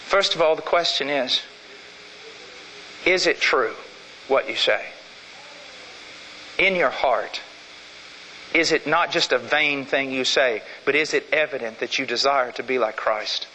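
A man's voice: mid-range voice, measured pace, long pauses, pushed and bright, long reverb tail, a little hiss or hum, rough recording. A man preaching a sermon, emphatic, repeating key phrases to drive them home.

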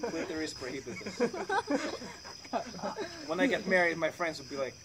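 A man's voice: a little high, normal speed, crowd noise, rough recording. A man cracking crude jokes in casual chat with friends in a backyard. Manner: joking, crude banter. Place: backyard outdoors at night. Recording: loud crickets and outdoor noise. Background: crickets and insects.

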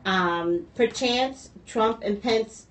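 A woman's voice: fairly high pitch, drawn-out words, a bit bright. Chatty gossiping woman psychic. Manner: chatty, gossipy, trails off and restarts. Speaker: psychic reader and co-host. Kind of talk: casual chat.

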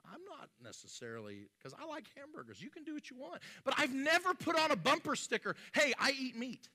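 A man's voice: extremely high pitch, sing-song, brisk, pushed and bright. A male pastor preaching a sermon in a conversational way, with joking asides and frequent restarts.

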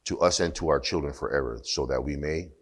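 A deep-voiced man preaching a sermon, talking to the congregation as if chatting. He drifts between low, loose asides and emphatic bursts of preaching. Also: fairly quick. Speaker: pastor.

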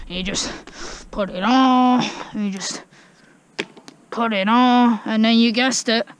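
A woman's voice: a little high, clear, resonant tone. A woman vlogging in a garden, chatting in a casual, self-mocking way and humming silly tunes. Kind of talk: casual vlog commentary. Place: outdoor garden.

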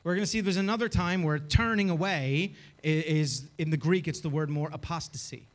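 High-voiced man preaching a sermon. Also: fairly quick. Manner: emphatic preaching with rhetorical questions. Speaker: pastor. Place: church.

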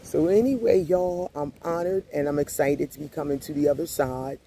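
A man's voice: a little high, moderate pace, creaky, slight background noise. A man chatting casually to his viewers at the beach, telling stories and repeating his phrases. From Grenada. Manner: relaxed, storytelling, uses y'all and repeats phrases. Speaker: vlogger. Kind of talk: casual vlog chat. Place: outdoors at a beach.

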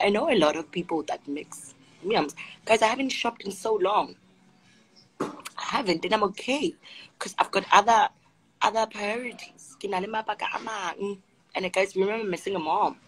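A woman's voice: medium pitch, background noise. A young South African woman with a South African accent, hosting a casual live stream as a sassy straight talker who keeps calling viewers honey. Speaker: Instagram live host. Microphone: phone.

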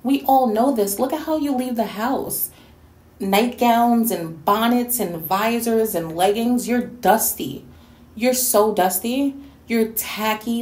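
A woman's voice: a little high, a little slow, a little mellow, roomy sound. A woman from New York City delivering a scolding, sassy rant in a response video. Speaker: YouTube commentator.

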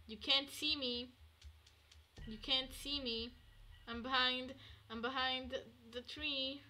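A woman streaming a game, chatting to herself and swinging between hushed murmurs and excited outbursts. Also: sits high, takes it slowly, soft background music. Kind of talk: casual gameplay commentary.

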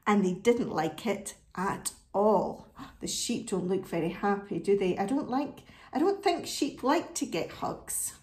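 A woman reading a picture book aloud to children, animated and asking her listeners questions. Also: medium pitch, measured pace, reverberant. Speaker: storybook reader.

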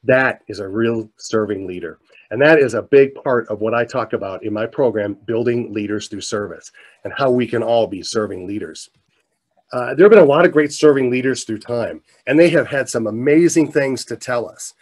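A middle-aged man telling a story in a keynote talk, animated, his voice climbing as he gets excited. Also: medium pitch, normal speed. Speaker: motivational speaker. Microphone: presentation mic, virtual showcase.

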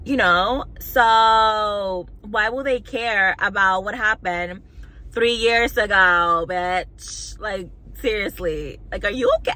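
A woman's voice: mid-range voice, sharp tone, low-quality recording. A young woman vlogger telling a storytime rant to camera, heated, mocking and full of swearing.

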